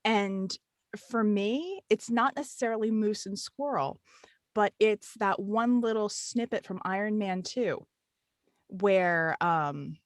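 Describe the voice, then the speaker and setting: A woman voice actor joining a casual panel chat over a video call, talking in a lively way and laughing often. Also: medium pitch, slow pace, no echo, clean studio sound.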